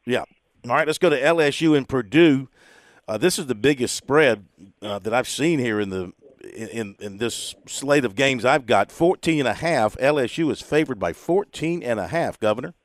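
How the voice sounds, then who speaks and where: A man's voice: mid-range voice, lively intonation, moderate pace, dry recording. A man hosts a sports radio segment in a jovial, teasing way, often chuckling as he reads out the betting lines. His voice sits in an ordinary middle register. It's recorded close and dry in a studio. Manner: jovial, laughs often while reading spreads. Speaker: radio sports show host. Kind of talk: casual radio chat.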